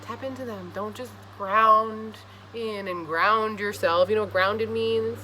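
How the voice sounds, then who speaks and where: A woman giving a casual astrology reading to camera, blunt, profane and scolding, with an animated delivery. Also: mid-range voice, a little slow, slight background noise, poor audio. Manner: animated, acts out voices. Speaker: astrology reader.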